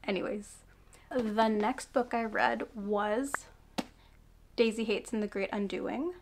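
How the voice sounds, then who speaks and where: A woman's voice: medium pitch, steady tone, takes it slowly, pauses often, a little hiss or hum. A young woman chatting casually through a book review, frank and full of fillers and sighs. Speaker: book vlogger.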